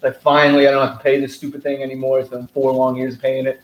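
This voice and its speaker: Flat-voiced man grumbling in an echoey room. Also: medium pitch, quick pace, highs cut off. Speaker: podcast co-host. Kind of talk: casual political chat. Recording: roomy echo, faint background noise.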